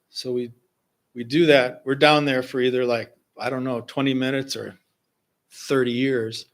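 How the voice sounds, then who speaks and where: A man leading a service, telling a personal story and introducing a song in a slow, gentle way with pauses. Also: mid-range voice, little pitch movement. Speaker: singer-songwriter leading a service. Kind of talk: spoken reflection and song introduction. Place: fellowship hall.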